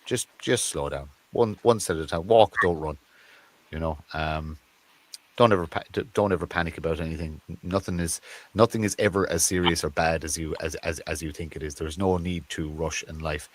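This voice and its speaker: An Irish man with a very low voice speaks as a podcast guest. He muses aloud, stumbling over and repeating words as he works through his thoughts. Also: normal speed. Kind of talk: conversational interview.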